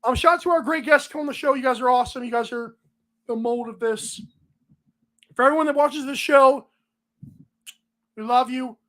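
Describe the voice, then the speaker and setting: Male solo podcast host with a high-pitched voice; emphatic, sarcastic ranting. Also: moderate pace, pauses often, a bit bright. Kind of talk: solo sports podcast commentary.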